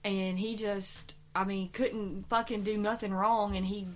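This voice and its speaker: Animated swearing woman podcaster. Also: mid-range voice. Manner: animated, swears freely, quick rambling retelling. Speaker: podcast co-host. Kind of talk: casual true-crime chat.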